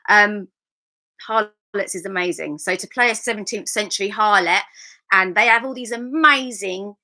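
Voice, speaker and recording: A woman's voice: medium pitch, normal speed, bright, forceful tone. A middle-aged woman, an actress chatting candidly with fans as she reads out their comments, laughing often. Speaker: actress hosting a live fan Q&A. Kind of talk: casual chat reading viewer comments.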